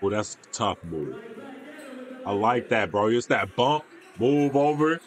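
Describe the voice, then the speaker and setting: Unhurried and expressive, a young man with a fairly low-pitched voice gives casual reaction commentary on a basketball clip. He banters in slang and mumbles little asides as he goes.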